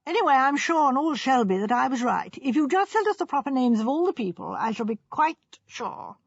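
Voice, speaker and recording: A brisk, bossy middle-aged hostess with a raised, emphatic voice, as a woman reads her. She talks impatiently and teasingly. The recording is dry, breathy and dull. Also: sits high, sing-song, no echo, pitched above the performer's own voice, full character voice. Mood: scolding.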